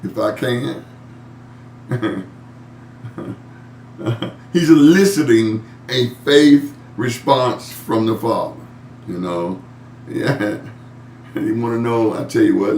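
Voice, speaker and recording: A man's voice: lowish voice, measured pace, gravelly, long pauses, a little mellow. A man teaching a Bible study in a loose, conversational way. He chuckles often, repeats words as he looks for his point, and reads scripture aloud before commenting on it. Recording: echoey room, mic at a distance, faint hum.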